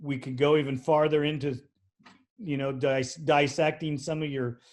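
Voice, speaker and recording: A man's voice: fairly high pitch, level tone, moderate pace. A man hosting a podcast interview, easygoing, speaking with hesitant fillers. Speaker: podcast host. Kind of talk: interview host.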